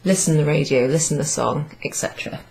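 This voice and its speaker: A woman teaching a French grammar class, patiently repeating and modelling French phrases slowly. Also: low-pitched, gravelly, a little mellow. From Wales. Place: pub function room, indoors.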